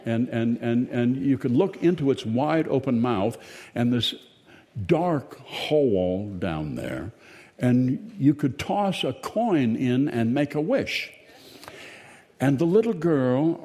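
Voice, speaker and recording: An older man telling a story in a slow, rambling, wry way, correcting himself as he goes. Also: mid-range voice, mellow. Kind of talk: spoken storytelling monologue. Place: outdoors in sunshine.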